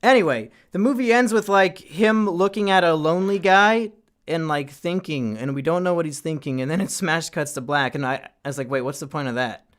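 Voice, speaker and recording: A man's voice: on the high side, fairly quick. A young man in casual chat, rambling through a film plot and swearing often. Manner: rambling, swears often, trails off into quiet asides. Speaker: podcast co-host reviewing films.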